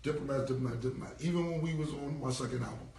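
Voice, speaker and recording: Gravelly man telling a loose street story. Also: medium pitch, rapid-fire, warm tone. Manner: loose, profane street talk, acting out quoted lines. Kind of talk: casual storytelling monologue. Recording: echoey room, voice far from mic, faint ambient hiss.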